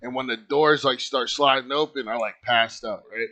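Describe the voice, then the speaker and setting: A man's voice: mid-range voice, steady tone, moderate pace, sharp tone. A young man telling a personal story in a casual, rambling way, full of fillers and swearing. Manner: rambling, lots of filler likes, swears freely.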